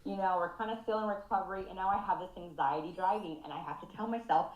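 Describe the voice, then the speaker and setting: A woman's voice: on the low side, quick pace, echoey room, lo-fi sound. A woman in her thirties from California, on a video call, telling a story with lots of laughing and swearing. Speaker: group participant sharing. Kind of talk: casual group video call share.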